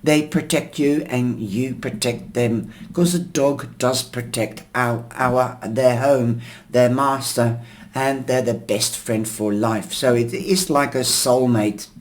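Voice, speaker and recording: A man reading tea leaves and tarot, explaining each symbol unhurriedly with pauses and fillers, his voice going hoarse. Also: medium pitch. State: losing his voice, coughing. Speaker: tarot and tea leaf reader.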